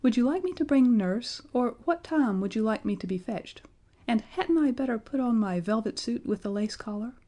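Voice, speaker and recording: An eager, well-mannered little boy king from a storybook, pitched up high and asking questions in a rush, as a woman puts him on. The voice stays mellow and soft at the edges. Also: animated, normal speed. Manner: polite, eager, childlike questions.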